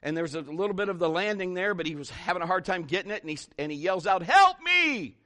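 A male pastor preaching a sermon with emphatic, animated storytelling. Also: high voice, very fast.

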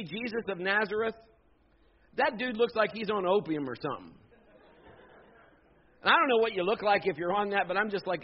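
A man in his fifties preaching a sermon, telling a personal story in an animated, jokey way and acting out the voices. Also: high-pitched. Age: 50s. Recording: dull lo-fi sound.

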